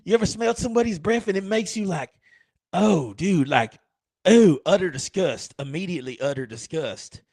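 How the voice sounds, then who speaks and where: A man's voice: high-pitched, animated, moderate pace, a little mellow, no room sound. A man, a streamer and rapper, chatting casually in a rambling, crude, joking way. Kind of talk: casual livestream chat.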